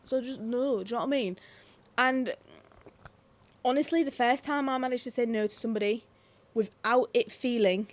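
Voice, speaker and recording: Woman in her 20s, at-home vlog rant, sweary and animated, voice on the high side. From England. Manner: swearing, animated, fast-shifting, lots of "like". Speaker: vlogger. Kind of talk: casual ranting monologue. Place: at home, indoors.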